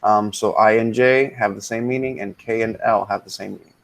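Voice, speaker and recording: Relaxed man teaching English grammar, fairly low. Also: a little fast, vocal fry, rough recording. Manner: relaxed, thinks aloud with many ums and mutters asides. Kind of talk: casual grammar lesson, switching into Spanish.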